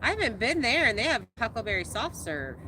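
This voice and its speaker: High, lively woman on a noisy livestream. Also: a little fast. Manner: laughs a lot while telling a story, rising to squeals. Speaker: farm livestream co-host. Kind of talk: casual livestream chat and storytelling. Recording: noisy background.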